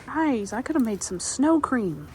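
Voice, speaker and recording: A woman's voice: a little high, big pitch swings, unhurried, dark tone, a little hiss or hum. Chatty young woman rambling a recap. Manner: rambling, laughs often, swears freely. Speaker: YouTuber recapping a TV series.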